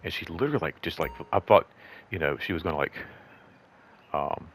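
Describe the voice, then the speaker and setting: A man's voice: lively intonation, brisk. A middle-aged man telling a personal story in a casual, rambling way, full of fillers, sometimes acting out what others said. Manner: acts out quoted voices in higher pitch. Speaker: host.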